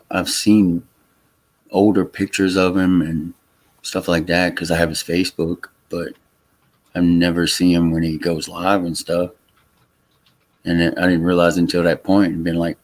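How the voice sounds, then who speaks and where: A man from Louisiana hosting a casual livestream chat, talking in a halting way with many fillers and restarts. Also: sits low, little pitch movement. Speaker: livestream host. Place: Texas home.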